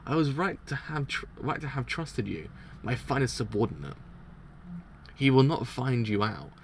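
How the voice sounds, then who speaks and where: A scheming male crime boss speaks in a calm, controlling tone, weighing each instruction. A man reads him out, his voice gravelly, over a faint hiss. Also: mid-range voice, moderate pace, lightly acted. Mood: cold, instructing. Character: scheming male mafia boss, cold and commanding.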